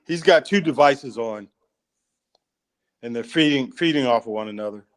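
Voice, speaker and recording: A man's voice: medium pitch, moderate pace. A man co-hosting a casual sports chat, adding brief, dry interjections.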